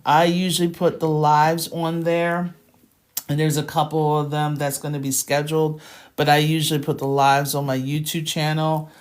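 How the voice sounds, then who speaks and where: A woman with a low-pitched voice tutors math live at a moderate pace, in a casual and chatty manner. She sounds tired and relaxed, her talk filled with ums and small laughs.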